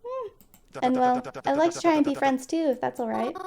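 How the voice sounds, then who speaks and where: A reserved young man in a story game speaks slowly and formally, choosing each word with care, as a woman voices him. He keeps a quiet, courteous tone. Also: high voice, lively intonation, a crowd in the background. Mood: calm polite. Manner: measured, formal.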